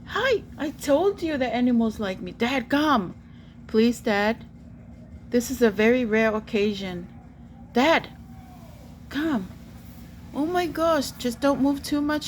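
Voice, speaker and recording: A woman vlogging in excited casual chat, cooing sweetly and calling out pleadingly. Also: a little hiss or hum. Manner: coos sweetly at a bird in a high voice; calls out pleadingly for her dad.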